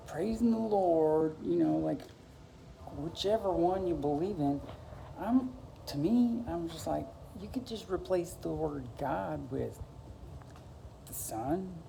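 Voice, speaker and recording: With a lowish, dark-toned voice and vocal fry, a woman vlogger wanders through a casual monologue to camera. She uses lots of "like" and "you know" in a relaxed way, and the low-quality recording has slight background noise.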